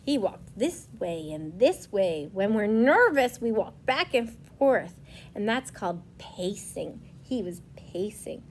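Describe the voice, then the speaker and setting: A woman's voice: mid-range voice, slight background noise. A young woman, a preschool teacher, reading a picture book aloud to children and explaining it in simple words. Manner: slow, explanatory, expressive storytelling.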